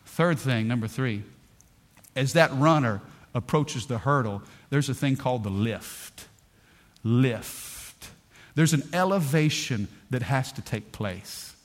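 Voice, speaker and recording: A middle-aged man preaching a sermon in a church. He tells stories with energy, swings between loud bursts and hushed lines, and calls out to the congregation. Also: mid-range voice, lively intonation, slow pace. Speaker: pastor.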